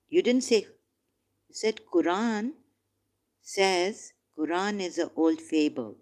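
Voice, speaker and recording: A woman holds her ground in a heated religious debate, reading verses aloud and correcting her opponent again and again. Her voice sits low and warm, and she takes her time over each word. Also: lively intonation, slow, pauses often. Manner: insistent, repeatedly correcting, reads verses aloud. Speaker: debate participant.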